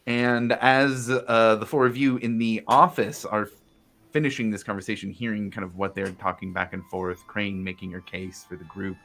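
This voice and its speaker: A man's voice: lowish voice, fairly even intonation, normal speed, fairly bright tone. A man narrating a tabletop game as game master, describing scenes loosely with fillers.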